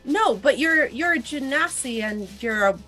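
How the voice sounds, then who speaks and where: A woman playing a tabletop game, asking halting questions. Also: sits high, lively intonation, sharp tone, soft background music. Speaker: player. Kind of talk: casual tabletop role-play.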